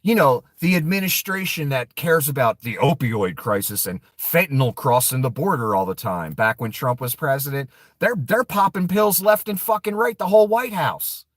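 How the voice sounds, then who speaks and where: A man's voice: fairly high pitch, animated, moderate pace, few pauses, no echo. A man giving casual, profane political commentary, laughing often and throwing mocking asides to his viewers.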